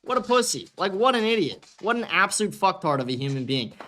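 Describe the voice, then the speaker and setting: A man's voice: high-pitched, very animated, quick pace, bright, forceful tone. A man hosting a livestream, ranting casually and combatively with a lot of profanity. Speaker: livestream host.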